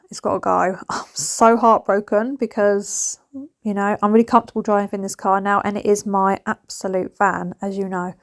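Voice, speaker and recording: A woman, chatting casually and rambling through a home vlog with laughing asides. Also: medium pitch. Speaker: vlogger. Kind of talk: casual chat.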